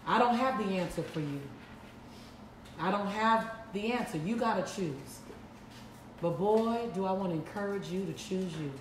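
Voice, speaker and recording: A woman's voice: mid-range voice, moderate pace, a little hiss or hum. A woman giving an emphatic, preacherly motivational talk to a live audience, repeating lines for effect. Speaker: motivational speaker. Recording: echoey room, mic at a distance.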